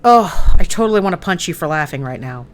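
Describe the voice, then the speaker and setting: A woman's voice: on the low side, animated, quick pace. A woman in her forties hosting a live painting stream, chatting casually and laughing easily. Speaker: host. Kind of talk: casual chat while painting miniatures.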